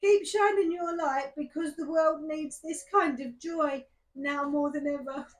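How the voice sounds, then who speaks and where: A chatty young woman with a high voice gives a tarot reading straight to camera. She talks in a warm, easy way and turns openly emotional. Her voice is caught on a simple camera mic. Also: steady tone, measured pace. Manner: chatty, emotional, laughing and teary. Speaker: tarot reader.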